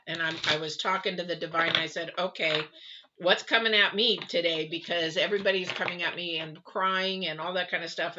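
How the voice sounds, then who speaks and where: A woman's voice: lowish voice, pushed and bright. A middle-aged woman from the West Coast, giving a chatty, earnest live tarot reading with many fillers and asides. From West Coast of the United States. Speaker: tarot reader. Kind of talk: live-streamed weekly reading. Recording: muffled lo-fi stream audio.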